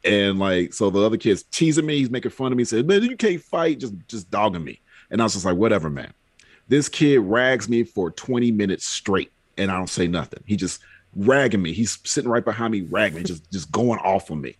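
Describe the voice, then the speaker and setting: A man's voice: lowish voice, expressive, brisk, husky, no echo. A man chatting on a podcast, telling rambling personal stories with frequent fillers. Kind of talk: casual podcast chat.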